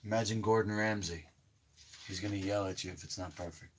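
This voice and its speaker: A fairly low-pitched man hosting a casual live stream. He gives bossy, blunt step-by-step orders and does not mind crude language. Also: fairly even intonation, a little fast, background noise. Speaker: livestream host.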